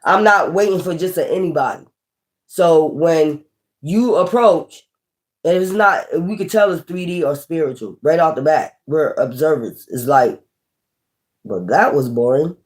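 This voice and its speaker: A woman's voice: low-pitched, moderate pace, darkish tone. A woman tarot reader in a casual, scornful rant, blunt and profane, hammering her points home by repeating them. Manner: repetitive, emphatic.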